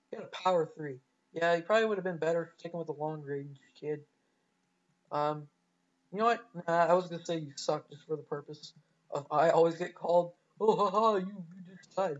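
A woman hosting her gaming channel, rambling through live gameplay commentary and breaking into frustrated shouts. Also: fairly low pitch, lo-fi sound.

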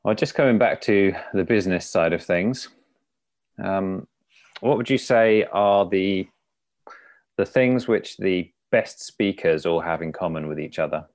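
A man's voice: low-pitched, unhurried, darkish tone, dry recording. A man hosting a podcast, asking brief, polite questions. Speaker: podcast host. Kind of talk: interview questions.

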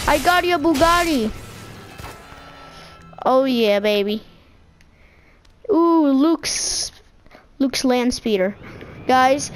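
A woman giving silly, boastful let's-play commentary over a video game, excitable and playful. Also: high voice. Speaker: gaming video maker. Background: video game music.

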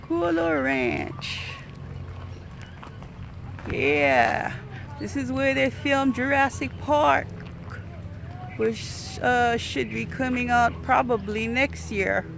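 A woman's voice: on the high side, expressive, slow, gravelly, background noise. A woman chatting casually while filming animals outdoors at a ranch, cooing at them in a playful sing-song voice. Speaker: vlogger filming a ranch visit. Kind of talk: casual running commentary.

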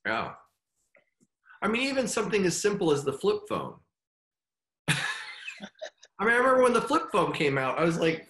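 A middle-aged man speaking as a guest in a casual interview, halting and heartfelt. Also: high-pitched, very animated, fairly bright tone. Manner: halting, full of fillers and restarts; heartfelt, open about his feelings. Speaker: guest actor.

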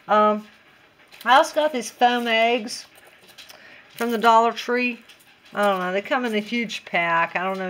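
A woman's voice: medium pitch, a bit bright. A woman in a casual DIY craft tutorial, chatty and giggly and talking to herself as she works.

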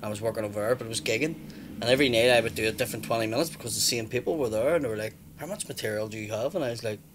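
A man's voice: medium pitch, racing, noisy background. A man in his thirties with a Belfast accent, a stand-up comedian telling stories bluntly, swearing freely and acting out what people said. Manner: blunt storyteller, swears freely, acts out quotes. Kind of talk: casual chat.

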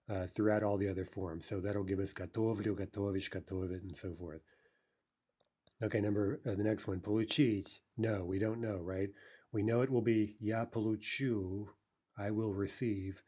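Low, mellow-voiced man teaching verb forms. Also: husky. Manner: explains step by step, often checks with "right?"; pronounces foreign verb forms carefully. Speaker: language teacher. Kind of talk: recorded online lesson.

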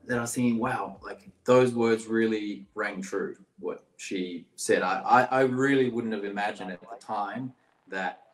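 Relaxed man telling stories in an echoey room. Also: fairly low pitch, measured pace. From Brazil. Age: 30s. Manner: relaxed, rambling, many "like" fillers. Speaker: actor guest. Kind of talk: casual storytelling interview.

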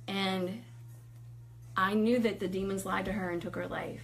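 A woman in her thirties sharing a personal faith testimony in casual conversation, animated, acting out quotes and laughing often. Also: medium pitch, takes it slowly, pauses often.

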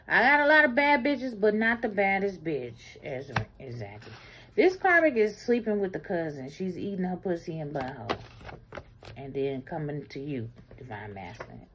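Blunt, lively woman doing a tarot reading. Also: low voice, slight background noise. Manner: blunt, explicit and animated, swings between loud and murmured. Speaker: tarot reader. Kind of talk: casual tarot reading monologue.

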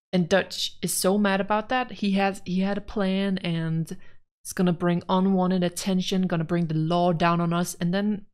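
A woman giving casual gameplay commentary, rambling frankly and with exasperation about the story as a let's play gamer. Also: lowish voice.

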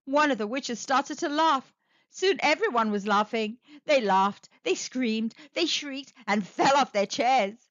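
A woman telling a children's story aloud, with a sing-song, expressive delivery, in a slightly muffled, dry recording. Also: high-pitched, measured pace, no room sound. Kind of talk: children's read-aloud narration.

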